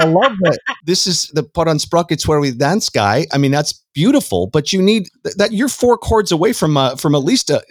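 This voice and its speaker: Middle-aged male podcast guest, eager and rambling, very lively pitch, dry mic. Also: no room sound. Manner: enthusiastic, rambling. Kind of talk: casual music podcast chat.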